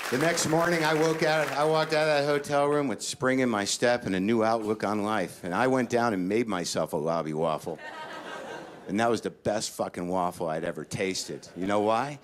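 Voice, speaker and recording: Neurotic ranting stand-up man, low voice. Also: moderate pace, a little hiss or hum. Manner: neurotic, profane ranting with pitch jumps into panicked quotes. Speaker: stand-up comedian. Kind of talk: stand-up storytelling.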